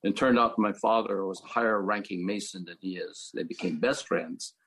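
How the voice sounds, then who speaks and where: An older man from the Philippines, calmly telling his life story as a panel speaker. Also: fairly low pitch, normal speed, vocal fry, a little hiss or hum, rough recording. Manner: reflective, matter-of-fact storytelling. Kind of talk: personal storytelling.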